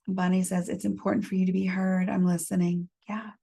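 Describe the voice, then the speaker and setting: A woman leading a support group through a gentle guided reflection, calmly reading out messages from the chat. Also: fairly low pitch, vocal fry, husky. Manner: gentle, unhurried, reads chat messages aloud. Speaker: medium leading a healing workshop.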